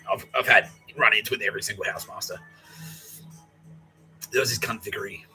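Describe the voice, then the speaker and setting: A man's voice: on the low side, fairly even intonation, fairly quick, pauses often, bright, forceful tone, soft background music, low-quality recording. An Australian man hosting a podcast, telling a rambling, profane story and acting out the people in it. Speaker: podcast host. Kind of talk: rambling comedic monologue.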